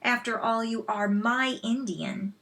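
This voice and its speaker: A woman's voice: a little high, lively intonation, measured pace, fairly bright tone. A woman doing an eager young boy. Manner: eager and pleading.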